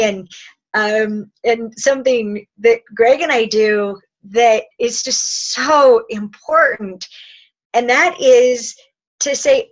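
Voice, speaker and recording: High-voiced woman giving relationship advice. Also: slow, dull audio. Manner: laughs often, acts out little dialogues. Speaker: relationship expert guest. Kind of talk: conversational advice. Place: indoor couch talk.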